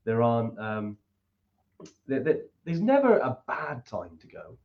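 A man's voice: medium pitch, big pitch swings, unhurried, narrow, tinny audio. Man chatting with lots of fillers. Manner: loose and friendly, many fillers like um and you know. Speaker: host of a trekking trip talk. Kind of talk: casual chat and travel advice.

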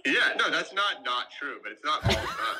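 A man's voice: on the high side, wildly swooping pitch, normal speed, creaky, bright, forceful tone. A man joining a podcast by video call, easygoing and reasoning things out with a laugh. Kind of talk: casual chat. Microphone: phone on video call.

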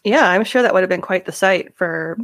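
A woman's voice: on the low side, a bit bright, no echo, clean studio sound. A woman co-hosting a casual podcast, reacting easily and cracking short jokes. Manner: easygoing, quick reactions and jokes. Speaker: podcast co-host.

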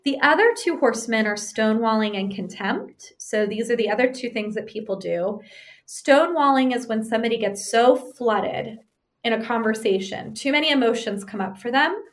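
A woman with a somewhat high voice explains relationship advice in a relaxed, conversational way. She is animated and slips into acted-out bits of arguments, and she keeps checking in with a quick "right?". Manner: animated, acts out example arguments.

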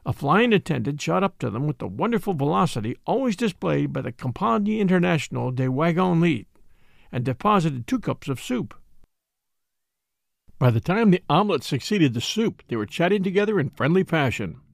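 A man narrates an audiobook in a deliberate, expressive way. His voice sits high and moves widely in pitch, with a gravelly fry. The sound is close and dry. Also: no echo. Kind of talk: dramatic audiobook reading.

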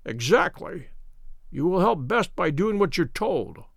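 A man doing a croaking, feverish sick detective. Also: sits high, sing-song, fairly bright tone, no echo, studio quality, full character voice. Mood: feverish commanding. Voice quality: croaking, feeble. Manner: slow, strained, commanding. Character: gravely ill male detective, feverish, imperious, commanding.

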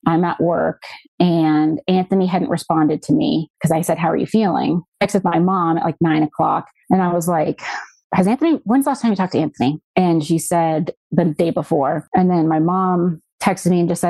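A young adult woman, a podcast guest, recounting a personal story in casual conversation, talking quickly with many fillers and quoted dialogue. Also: low voice, vocal fry, mellow, slightly rough, dry recording, rough recording. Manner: rapid, tumbling retelling with many likes and quoted dialogue.

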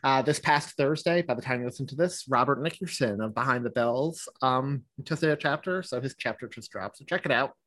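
A man's voice: mid-range voice, fairly quick, few pauses, a bit bright, no echo. A man hosting a podcast, chatting casually with friends in an upbeat, enthusiastic way. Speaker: podcast host. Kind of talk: casual chat.

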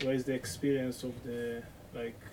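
A man's voice: medium pitch, little pitch movement. A man from the audience sharing a personal experience with his teacher. He talks hesitantly and keeps stopping and restarting. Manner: hesitant, full of restarts, halting. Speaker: questioner from the audience. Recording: distant mic with noticeable background noise.

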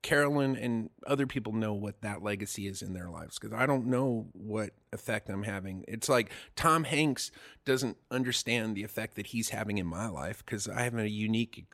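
A man's voice: fairly low pitch, normal speed, gravelly, a bit bright. A man on a podcast talking candidly about his music, self-deprecating and joking, with frequent swearing. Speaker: musician guest. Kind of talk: casual podcast chat.

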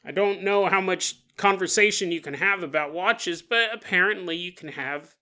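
Chatty guy hosting a spooky story podcast, bright voice, laughs a lot. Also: high voice, normal speed, hardly any pauses. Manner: chatty, laughs often mid-sentence. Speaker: podcast host.

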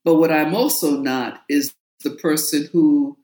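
A woman's voice: low-pitched, a little slow, mellow. A woman from New York, an author and guest in an interview, telling her story in a forthright, emphatic way. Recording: roomy echo.

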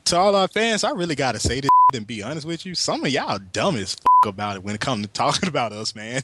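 A man's voice: mid-range voice, sing-song, fast talker, noisy background. A man co-hosting a podcast, talking in brash, profane, teasing banter. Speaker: podcast co-host.

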